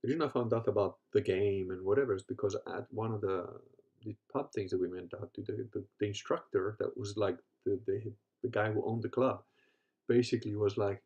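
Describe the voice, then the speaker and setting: A man's voice: medium pitch, animated, fairly quick, darkish tone. A man telling casual, rambling stories full of profanity and laughter, acting out other people's lines as he goes. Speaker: podcast host. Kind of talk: casual storytelling chat.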